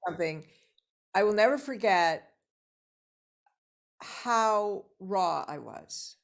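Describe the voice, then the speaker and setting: A middle-aged actress telling lively anecdotes as a guest, acting out the dialogue she quotes. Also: mid-range voice, slow, gravelly. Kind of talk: casual interview storytelling.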